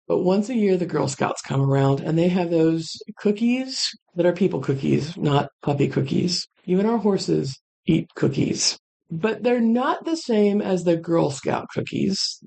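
A middle-aged woman who runs a dog kennel, telling rambling stories in a chatty, casual way with lively asides. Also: lowish voice, unhurried, vocal fry. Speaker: kennel owner. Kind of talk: casual storytelling monologue.

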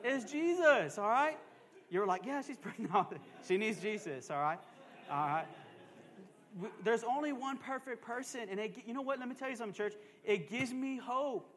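Male pastor, sermon, very high pitch, chatty and emphatic with calls to the crowd, long church reverb. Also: animated, normal speed, a bit bright. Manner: emphatic preaching with call-and-response asides; joking, conversational asides. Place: church sanctuary.

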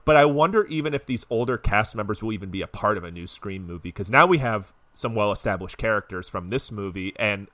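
A man's voice: on the low side, animated, brisk, hardly any pauses, a bit bright, no echo. A man co-hosting a podcast, chatting casually and hedging with fillers. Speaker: podcast co-host. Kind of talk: casual chat.

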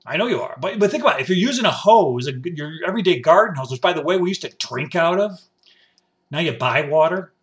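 A man delivering a rambling, wisecracking comedic monologue, swinging from loud points to muttered asides. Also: a little high, animated, fast. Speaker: commentator.

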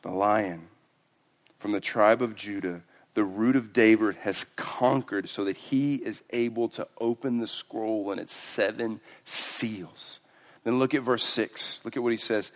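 A man preaching a sermon, his delivery moving between quiet, slowed passages and loud, emphatic bursts. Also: on the low side. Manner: swings from hushed and slow to loud and emphatic. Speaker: pastor.

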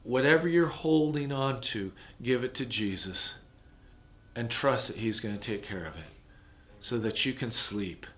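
A man preaching a sermon, moving between loud emphatic passages and hushed, low ones. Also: unhurried. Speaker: pastor.

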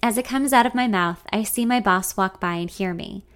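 A woman narrating a first-person story in an expressive, confiding way. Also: mid-range voice, normal speed, clear, resonant tone.

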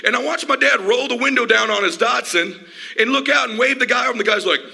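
An impassioned man in his fifties delivers a motivational talk from a stage. His voice sits high and cuts bright, with a gravelly, husky grain. He leans hard on every point with emphatic force. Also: quick pace. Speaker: motivational speaker. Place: stage before a live audience.

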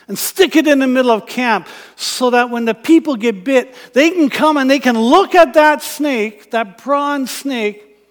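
High-voiced preacher in a reverberant hall. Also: male voice. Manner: animated retelling, voicing characters, rising to loud passages. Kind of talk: sermon. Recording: long church reverb.

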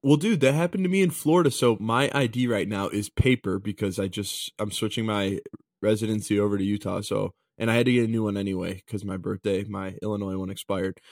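A young man in his twenties with a fairly low voice, recorded dry and close. He talks in a relaxed, slangy way, full of dudes and the odd curse word. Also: fairly quick, no room sound. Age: 20s. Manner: laid-back, swears casually, says dude a lot. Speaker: podcast co-host. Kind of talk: casual chat.

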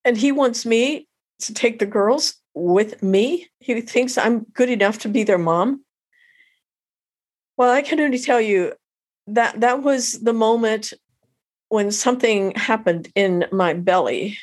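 A middle-aged woman tells an emotional personal story as an interview guest, halting and heartfelt, often restarting her sentences. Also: a little high.

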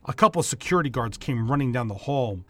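A man narrating a scripted story in an even, storytelling way. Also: mid-range voice, fast.

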